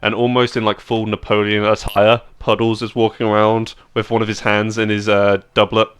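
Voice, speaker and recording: A man narrating as game master of a tabletop game, relaxed and descriptive. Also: on the low side, normal speed, clean tone.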